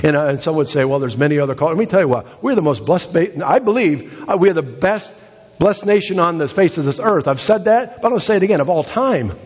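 An American man preaching a sermon in a church, emphatic, repeating phrases with sudden swings in pitch. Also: expressive, fast talker, slightly rough. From United States. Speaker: pastor. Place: church sanctuary. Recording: dull sound with long hall reverb.

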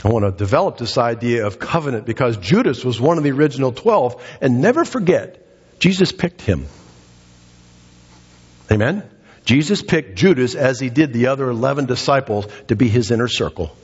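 A male pastor preaching a sermon, emphatic and repetitive, swinging his pitch up and down and short of breath. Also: expressive, normal speed, breathy edge, long reverb tail, dull audio. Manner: emphatic, repeats phrases, dramatic pitch swings. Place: church sanctuary.

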